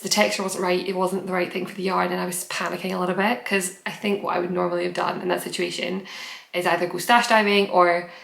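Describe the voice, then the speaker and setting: A woman's voice: on the low side, creaky, a bit bright. A woman hosting a knitting podcast, chatting casually and rambling with frequent self-corrections. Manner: rambling, self-interrupting, candid. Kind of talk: casual chat to camera. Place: home room in fading daylight. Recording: echoey room.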